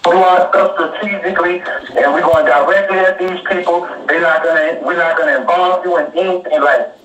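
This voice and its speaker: A man's voice: high-pitched, steady tone, a little fast, fairly bright tone, slight background noise. A man on a played phone recording, talking firmly and profanely to reassure someone. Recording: dull, echoey phone recording from far off.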